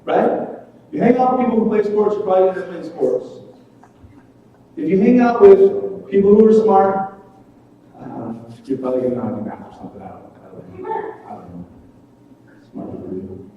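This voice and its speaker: A young man gives a loose, joking youth sermon, throwing questions at the room and poking fun at himself. His voice sits a touch high. The sound is dull and far from the mic, with a long echo from a big hall. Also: sing-song, moderate pace, pauses often, slight background noise. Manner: joking, self-deprecating, asks the room questions. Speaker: youth pastor. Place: church hall. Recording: roomy far-off hall recording.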